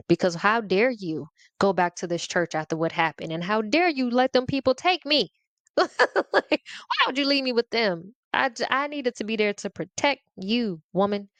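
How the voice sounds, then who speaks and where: Animated woman telling a funny story. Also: medium pitch, no echo. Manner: animated, acts out voices and laughs often. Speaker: podcast host. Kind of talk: comedic storytelling rant.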